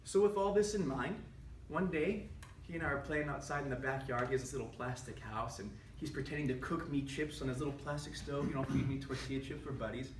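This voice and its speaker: A man giving a prepared speech to an audience, telling a humorous family story with animated delivery. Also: medium pitch, brisk, a little hiss or hum. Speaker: public speaker. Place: meeting room with an audience. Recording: echoey room from a distant mic.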